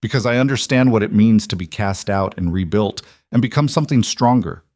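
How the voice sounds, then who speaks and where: Guy voicing a stubborn wolf shifter woman, low and level, dry sound, audiobook. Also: fairly quick, darkish tone, no echo, lightly acted. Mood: firm. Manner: level, firm, clipped. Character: defiant young female wolf-shifter leader, cold and steady. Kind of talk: audiobook character reading.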